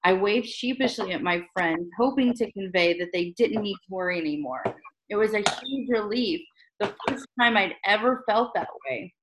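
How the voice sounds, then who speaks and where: A woman reading a first-person novel aloud to a class, with steady narration and small slips and restarts. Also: medium pitch, normal speed, background noise. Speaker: reader.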